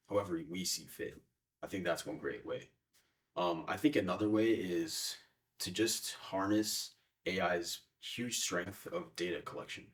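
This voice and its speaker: A man's voice: low-pitched, far from the mic. A young man answering interview questions in a casual, hesitant way with many fillers. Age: young adult.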